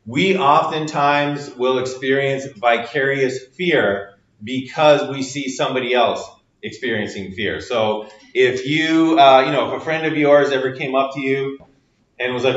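A male psychology lecturer talks through ideas in a loose, filler-heavy way, now and then acting out quoted reactions. His voice sits in a middle pitch. The recording is roomy and dull, like a lecture hall capture. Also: normal speed, a bit bright. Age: adult with children. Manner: explanatory, many fillers, acts out quotes.

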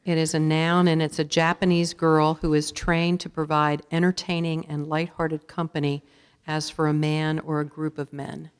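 A woman serving as a spelling bee pronouncer, reading words, definitions and sentences in a measured, formal way. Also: deep voice. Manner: measured, even, repeats each word clearly. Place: school auditorium. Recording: long reverb of a large hall.

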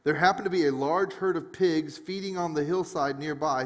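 A man's voice: on the high side, moderate pace, few pauses, long reverb tail. A man preaching a casual, conversational sermon, reading scripture and retelling it in a joking, chatty way. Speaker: pastor.

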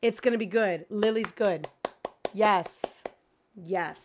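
A woman streaming a video game, chatting casually with viewers and swinging between excited gasps and mock dread. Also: mid-range voice, slow, noisy background. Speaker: gaming streamer. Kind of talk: casual live gameplay chat.

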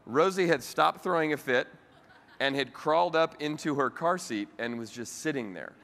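A man with a bright, fairly high voice delivers a motivational keynote from a stage. He tells stories with animated asides to the audience, and his words ring out with a long hall reverb. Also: moderate pace, slight background noise. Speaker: keynote speaker. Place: large convention hall.

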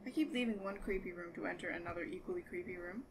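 A woman's voice: fairly low pitch, fast talker, background noise. A woman giving casual, joking commentary while playing a horror game, swearing freely as she goes. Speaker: let's play gamer.

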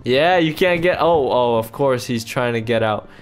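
A young man giving excited gameplay commentary as a YouTuber, talking to his viewers in exasperated, loud outbursts. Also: mid-range voice, normal speed, smooth, soft background music. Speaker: YouTuber playing a video game.

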